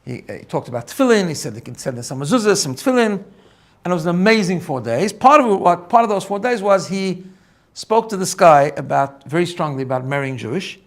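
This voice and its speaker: Man, rabbi, middle-aged, storytelling, fast, animated, repeats words. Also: high-pitched. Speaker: rabbi teaching personal growth. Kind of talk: storytelling talk.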